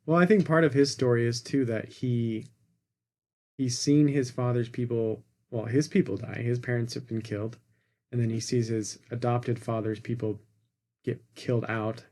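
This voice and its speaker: A man's voice: medium pitch, steady tone, normal speed, darkish tone. A man co-hosting a casual movie review podcast, retelling scenes and acting out quoted lines. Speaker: podcast co-host.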